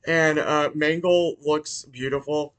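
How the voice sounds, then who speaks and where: Rambling excitable man recapping a movie. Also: fairly high pitch, slow pace, clear, resonant tone. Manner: rambly, restarts and apologizes, excitable, swears. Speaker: YouTuber reviewing a movie.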